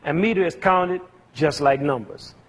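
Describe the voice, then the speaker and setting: A man teaching music, his voice a little husky and pitched somewhat higher than most men's. He explains step by step in an educational talk to a young audience and often turns a point into a question for them to answer. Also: normal speed.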